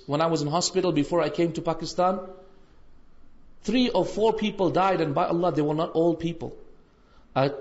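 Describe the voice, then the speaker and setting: A man giving a sermon, telling a story earnestly and asking the listeners rhetorical questions. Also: sits high. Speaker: preacher. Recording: dull lo-fi recording.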